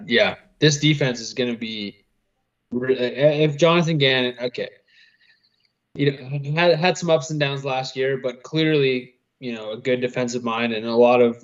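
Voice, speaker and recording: Analytical man on a dull lo-fi mic. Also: medium pitch. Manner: measured, analytical, hedging with fillers. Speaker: co-host, football analyst. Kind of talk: live draft watchalong chat.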